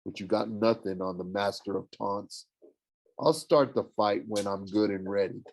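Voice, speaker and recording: A man voicing a menacing, taunting male war god in an audiobook, sneering and low. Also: normal speed. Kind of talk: audiobook character voice.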